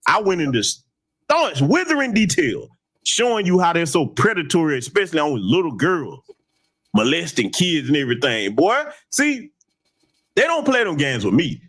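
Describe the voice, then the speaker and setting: A man hosting a heated commentary broadcast, talking in an emphatic, taunting, loud way. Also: a little high, sing-song, normal speed. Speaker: host.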